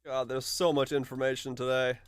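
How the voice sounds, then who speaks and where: A man's voice: medium pitch, flat delivery, brisk, clear, resonant tone, no room sound, studio quality. A man streaming live, reading game notes aloud and musing over them, trailing off and restarting mid-thought. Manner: muses aloud, trails off and restarts, swears in surprise.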